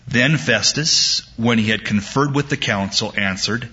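A man's voice: mid-range voice, unhurried, hardly any pauses, pushed and bright, breathy edge. A middle-aged man preaching a sermon in a folksy, joke-telling way, in a dull lo-fi recording. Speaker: pastor.

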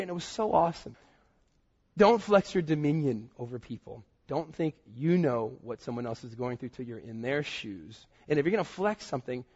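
A man's voice: a little high, darkish tone, slightly rough, muffled recording. A man in his thirties preaching a sermon as pastor, telling personal stories and acting out what people said. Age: 30s. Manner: storytelling with acted-out quotes.

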